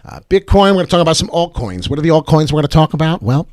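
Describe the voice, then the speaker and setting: A man's voice: fairly high pitch, lively intonation, very fast, a little mellow, no room sound, studio quality. Brash hyped-up male crypto streamer. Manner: hyped, brash, profane, heavy on filler ums. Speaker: crypto trading livestream host. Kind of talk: live market commentary.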